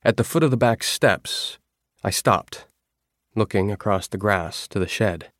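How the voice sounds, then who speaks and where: Man, audiobook narrator, deep-ish voice, dry close sound, measured wry delivery. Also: a bit bright, no room sound. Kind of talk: scripted first-person narration.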